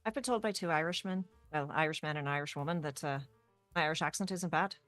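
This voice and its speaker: Brief: eager woman guest, slightly low voice, close dry mic. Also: fast, a bit bright, no room sound, soft background music. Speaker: guest on a tabletop gaming talk show. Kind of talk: casual chat.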